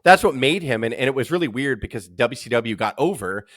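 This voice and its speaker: A man hosting a podcast in casual chat, talking in an excited, rambling way with many restarts. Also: medium pitch, fairly quick, dry recording, clean studio sound. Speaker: podcast host. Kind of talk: casual chat recapping wrestling.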